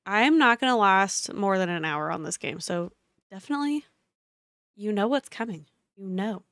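A woman streamer talking to her viewers during a live game stream, excitable, often gasping and exclaiming. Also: medium pitch, normal speed, no echo, clean studio sound. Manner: chatty, addresses her viewers directly.

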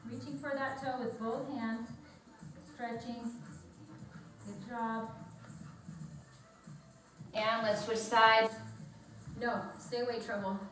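A woman's voice: a little high, fairly even intonation, measured pace, music in the background. A woman fitness instructor coaching a home workout class, upbeat and encouraging, counting reps aloud and a little out of breath. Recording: echoey room, mic far off.

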